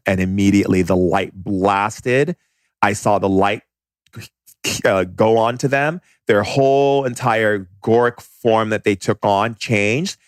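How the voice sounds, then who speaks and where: A man speaking as a podcast guest, telling stories bluntly and animatedly, in quick bursts with restarts. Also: fairly low pitch, no echo, studio quality. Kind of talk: casual storytelling.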